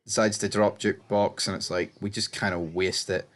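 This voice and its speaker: A man talks through a TV recap in loose, rambling speech. His voice sits a little low. He swears freely and often trips over his words before pushing on. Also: steady tone, normal speed. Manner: rambling, blunt, swears freely, lots of fillers and restarts. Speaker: TV show reviewer. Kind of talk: casual recap commentary.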